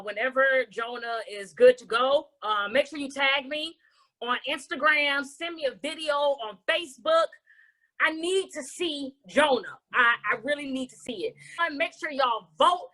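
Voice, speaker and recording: A woman emceeing a live online talent show, playful and loud, with dramatic outbursts. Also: high-pitched. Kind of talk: energetic live event hosting.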